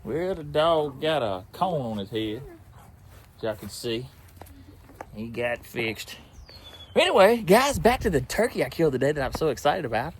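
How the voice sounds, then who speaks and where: A man's voice: a little high, very animated, normal speed, slight background noise. A young man chatting casually in an outdoors vlog, laughing often, folksy. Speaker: outdoors vlogger.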